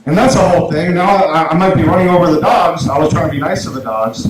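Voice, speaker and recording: A man's voice: a little high, quick pace, a loud crowd. Rambling male comic in an echoey room. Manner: rambling, restarts often, acts out quotes in a raised voice. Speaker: stand-up comedian. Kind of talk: stand-up storytelling. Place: small comedy venue. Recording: very echoey room, faint noise.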